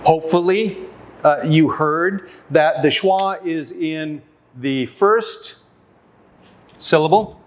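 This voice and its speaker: A man teaches an English pronunciation lesson in a somewhat high voice. He speaks slowly and carefully, saying each word several times so learners can practice along with him. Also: slight background noise. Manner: slow, careful, repeats words for practice.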